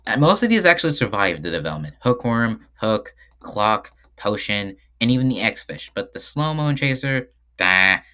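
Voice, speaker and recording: A man talks through his own game in a loose, conversational commentary, often stopping to correct himself. His voice sits low but moves a lot in pitch. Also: sing-song, moderate pace, few pauses, pushed and bright, smooth. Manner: rambling, frequent self-corrections. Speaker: game developer. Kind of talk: casual screen-share commentary.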